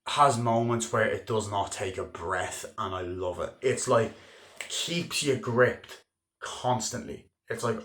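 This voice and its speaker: A young man giving a casual spoken movie review, excitable and swearing freely, jumping into loud acted-out bits of scenes. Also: medium pitch. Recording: echoey room.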